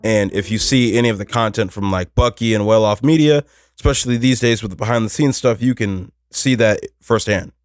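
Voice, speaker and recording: A man's voice: fairly low pitch, brisk, smooth, no room sound, studio quality. Casual emphatic man hosting a podcast. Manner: casual and emphatic, many fillers, rising for stress. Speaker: podcast host. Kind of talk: motivational podcast monologue.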